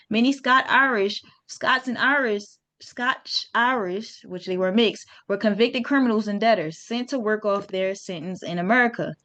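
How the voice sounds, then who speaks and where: A woman's voice: medium pitch, fairly bright tone. A woman hosting a casual history talk for her viewers, informal and chatty, with slang and restarts. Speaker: host.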